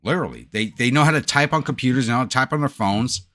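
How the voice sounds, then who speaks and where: A man's voice: medium pitch, very fast, fairly bright tone. A middle-aged man with a New York accent, chatting bluntly and profanely with his livestream viewers. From United States. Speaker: livestream gaming host. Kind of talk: casual chat with stream viewers.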